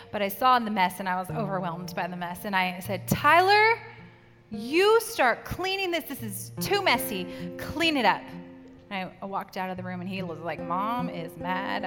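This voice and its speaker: A middle-aged woman preaching a sermon and telling a personal story in an earnest way, acting out voices as she quotes them. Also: medium pitch. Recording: long hall reverb with music behind. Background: soft guitar music.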